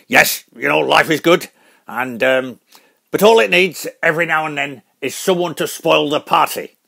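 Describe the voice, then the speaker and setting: Man impersonating a bragging older fighter dad, gravelly and husky, high and bright, quick to blow up. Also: heavily acted. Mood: smug. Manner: boastful, gets loud and worked up. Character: hot-headed older boxing dad, boastful brawler.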